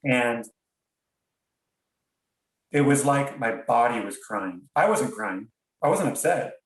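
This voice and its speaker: A man's voice: medium pitch, animated, takes it slowly. A man, a podcast guest, tells a personal story in an earnest, reflective way, often stopping and restarting his sentences. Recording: roomy sound, distant from mic.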